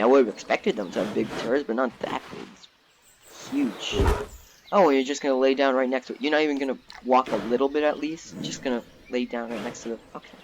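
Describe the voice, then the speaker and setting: A young man giving casual, rambling commentary while playing a zoo game, getting excited easily. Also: mid-range voice, a little hiss or hum. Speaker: gaming YouTuber. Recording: background game music.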